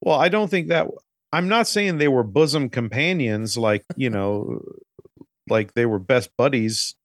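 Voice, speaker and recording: Medium-pitched and a little slow, the voice belongs to a man in his forties co-hosting a casual movie recap chat. The recording is dry and clean, studio sound, and he tells stories animatedly, swearing freely along the way.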